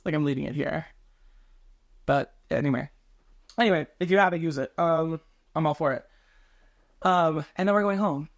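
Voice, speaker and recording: A young man from Tennessee chatting alone in his bedroom, rambling quickly and stumbling over his words. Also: fairly high pitch. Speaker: podcast host. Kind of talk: solo casual chat to camera.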